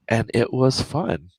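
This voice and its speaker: A man hosting a casual livestream chat as author and editor, laughing often and filling pauses with "uh". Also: mid-range voice, dry recording. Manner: laughs often, many fillers.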